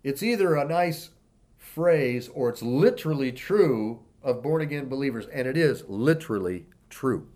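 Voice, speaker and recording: Man preaching with slow emphatic scripture reading. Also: medium pitch, lively intonation, darkish tone. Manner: emphatic scripture reading, slowing for key words. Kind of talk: sermon.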